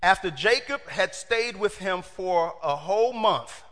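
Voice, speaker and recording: Man preaching, high voice, bright tone, lively storytelling sermon, long reverb of a church hall. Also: a little slow. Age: middle-aged. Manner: lively, acts out quoted voices, talks to the congregation.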